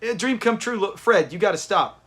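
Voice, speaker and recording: High, lively man reacting on a livestream. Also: moderate pace. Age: adult with kids. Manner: chatty, laughs often, talks to viewers in chat. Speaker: livestream host. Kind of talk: live watch-party reaction commentary.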